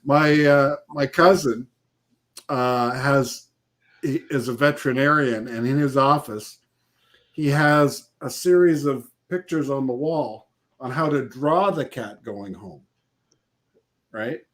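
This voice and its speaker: A man's voice: mid-range voice, takes it slowly, fairly bright tone. A man co-hosting a casual live call-in chat, talking loosely with frequent laughs and restarts over a video call. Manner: chatty, laughs often, restarts sentences. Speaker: co-host.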